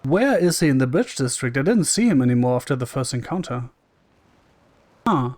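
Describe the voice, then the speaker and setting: Streamer, man, mid pitch, wry chatty reads, dry close mic. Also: moderate pace, no echo. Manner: wry and chatty, reads lines flatly and jokes. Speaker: streamer playing a role-playing game. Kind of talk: casual gameplay commentary, reading dialogue aloud.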